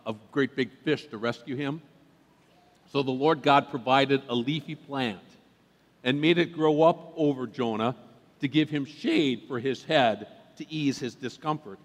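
A man preaching a sermon as pastor, animated and conversational, with playful asides to the congregation. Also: mid-range voice, in a large hall. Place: large church sanctuary.

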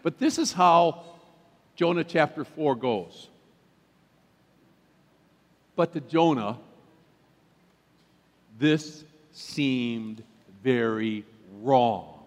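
A man preaching a sermon as pastor, animated and conversational, with playful asides to the congregation. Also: medium pitch, extremely slow, long pauses, big-room sound. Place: large church sanctuary.

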